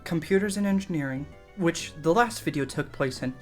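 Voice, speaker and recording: Young man, casual storytime, slightly high voice, swears a lot, self-mocking, faint music underneath. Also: a little fast. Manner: rambling, profane, self-mocking, laughs often. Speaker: vlogger telling a story.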